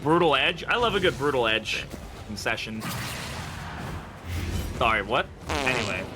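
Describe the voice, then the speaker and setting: A man's voice: medium pitch, expressive, unhurried, over music. A man from the UK giving casual, chatty gameplay commentary while streaming, thinking aloud and chuckling often. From United Kingdom.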